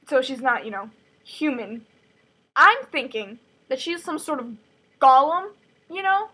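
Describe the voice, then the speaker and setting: A woman with a high, expressive voice and a sharp tone sums up a chapter of a novel she's reading aloud as host, talking at a normal speed. It's a chatty summary full of "like" fillers and side remarks, and the recording is rough.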